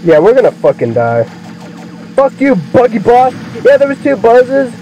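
A young man doing let's play commentary, excitable, swearing constantly and yelling at the game. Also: extremely high pitch, moderate pace, a little hiss or hum. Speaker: gaming video creator. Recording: muffled lo-fi mic with game music. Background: game music.

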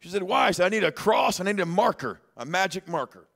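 A man preaching a sermon in church, telling a story quietly, then rising to shouts. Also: high voice, very animated, fast, vocal fry. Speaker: pastor. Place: church sanctuary.

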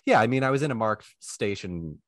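A man talking as a podcast guest, telling animated stories and acting out the lines he quotes. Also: fairly low pitch, fairly quick, no echo, studio quality. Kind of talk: casual interview chat.

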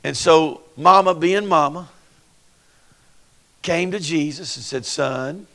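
Preacher, male, gravelly, unhurried delivery, acts out voices and draws responses from the crowd. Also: on the high side, a bit bright. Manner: folksy, dramatic, acts out voices, call-and-response. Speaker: pastor. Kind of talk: Pentecostal sermon.

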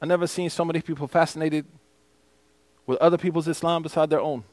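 A man's voice: fairly high pitch, steady tone, fast, a little mellow, dry recording. A man teaching a mosque class as imam. He explains a hadith text in English and recites the Arabic passages.

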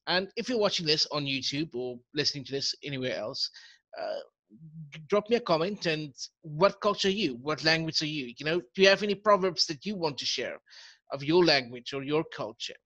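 A man's voice: a little high, lively intonation, a little fast, bright, forceful tone. A man hosting an interview show, talking in an enthusiastic and reflective way. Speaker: host of the talk show. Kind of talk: casual interview talk.

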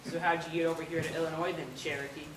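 A courteous young researcher, played by a young actor speaks formally and carefully. His slightly high voice carries from far across an echoey room with noise behind. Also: little pitch movement, very fast, fairly bright tone, natural voice. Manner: polite, formal. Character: a polite young male researcher, an outsider. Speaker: actor in a school play. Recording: roomy stage sound from far off, noisy.

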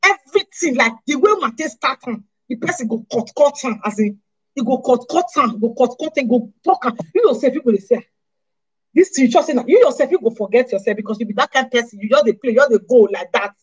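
This vlogger, a woman with a Nigerian Pidgin accent, talks fast to the camera in a fairly high, husky, slightly breathy voice. Her lively monologue scolds the audience with a rapid string of rhetorical questions, and the audio quality is poor.

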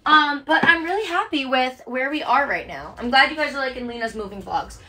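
A woman with a high, bright voice talks casually on a livestream as she packs orders. She chats in an upbeat, rambling way and fills pauses with ums and likes. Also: animated. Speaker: livestream host packing orders.

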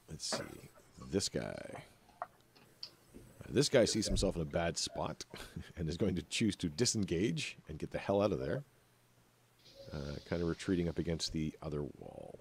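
Male game master with a deep voice and a loose, uh-filled narration style. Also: creaky, a little hiss or hum. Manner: relaxed, many filler uhs.

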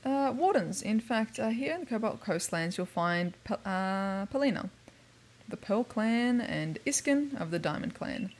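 Game guide character, informative, slightly quick read by a woman streamer. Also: medium pitch, expressive.

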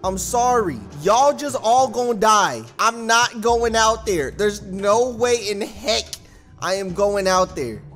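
A man giving excitable gameplay commentary as a gaming YouTuber, yelping and screaming when scared. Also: faint music behind. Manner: rapid high-pitched panicky exclamations.

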